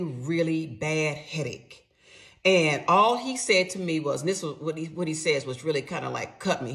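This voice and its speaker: A middle-aged woman tells her own story straight to her viewers. Her voice has a gravelly, creaky edge, and she talks with animated emphasis, cursing freely as she goes. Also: sits low. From Atlanta, USA. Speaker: storyteller recounting personal experience.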